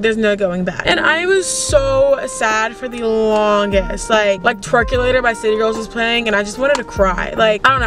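A bubbly young woman with a high, bright voice chatters to her camera in a casual vlog. She gushes excitedly and leans on "like" between thoughts. Music plays underneath. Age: young adult. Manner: excitable and gushing, full of "like". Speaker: college student vlogger.

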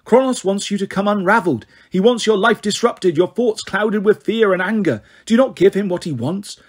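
A man voicing a wise old centaur mentor from a storybook, measured and firm, a touch husky and pitched a bit above his plain reading voice, patient but insistent. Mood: grave, gentle. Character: wise patient male centaur teacher, grave and kindly. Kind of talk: audiobook character reading.

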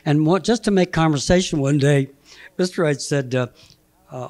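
A man in his eighties giving a halting, anecdotal slide talk, chuckling between memories. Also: a little high, darkish tone. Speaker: guest speaker presenting slides. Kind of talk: anecdotal lecture.

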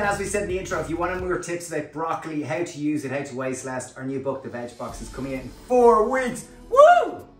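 A man's voice: mid-range voice, echoey room. A man hosting a cooking show, walking through a recipe step by step in an upbeat, chatty way. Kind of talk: cooking demonstration. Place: kitchen.

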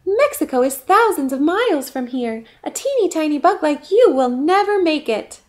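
A woman's voice: high voice, very animated, moderate pace. A woman voicing a doubtful bird in a storybook reading, with a raised, emphatic tone. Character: doubtful bird warning a tiny bug.

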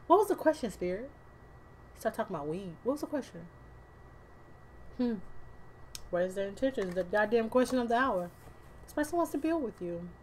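Chatty woman doing a tarot reading, loose and swearing, slangy talk, a little room hum behind. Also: on the high side. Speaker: tarot card reader. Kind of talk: casual tarot reading vlog.

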